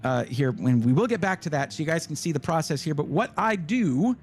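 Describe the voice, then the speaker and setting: A man hosting a live stream, excitedly reading out names in quick bursts, his voice going hoarse. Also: a little high, soft background music. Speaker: livestream host.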